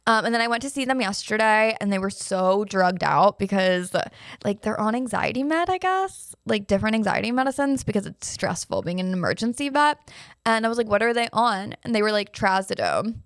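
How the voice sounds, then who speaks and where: A young adult woman hosting her own podcast, telling a story in a casual, animated way, swearing freely and acting out her panicked replies. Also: mid-range voice, brisk, no room sound, studio quality. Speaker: podcast host. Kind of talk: casual solo podcast monologue.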